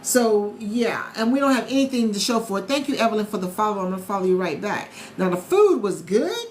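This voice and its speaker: A woman's voice: mid-range voice, animated, brisk, a little hiss or hum. A woman hosting a casual live stream, chatting upbeat with viewers, greeting followers by name and repeating her key points. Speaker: live stream host recruiting travel agents. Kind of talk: casual sales pitch on a social live stream. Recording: roomy echo with faint background ambience.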